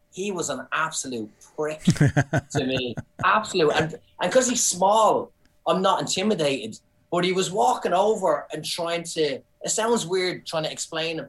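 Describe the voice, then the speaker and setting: A middle-aged Irish man, a comedian, chatting casually as a podcast guest and telling animated anecdotes. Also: a little high, rough recording. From Ireland. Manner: storytelling, animated. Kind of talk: casual chat.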